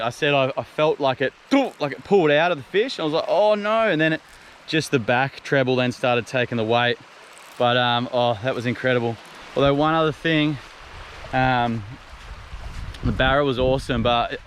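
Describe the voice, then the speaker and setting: A young man fishing and filming outdoors on a mangrove beach, talking casually and exclaiming loudly when excited. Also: mid-range voice, slight background noise. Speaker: fishing adventure vlogger. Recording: background music over outdoor audio.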